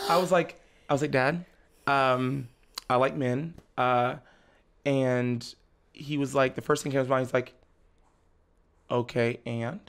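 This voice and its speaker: Gravelly young man telling a lively story. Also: medium pitch, unhurried. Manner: animated, laughs often, slips into the voices of family members. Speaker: podcast guest. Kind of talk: casual storytelling chat.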